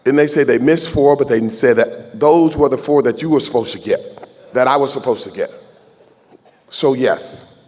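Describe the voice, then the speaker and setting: A man's voice: medium pitch, normal speed, a little mellow. A man in his sixties giving a heartfelt, folksy keynote speech at a gala, joking with the crowd and taking questions. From Southern United States. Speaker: keynote speaker. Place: large banquet hall. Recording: long hall reverb from a ballroom PA.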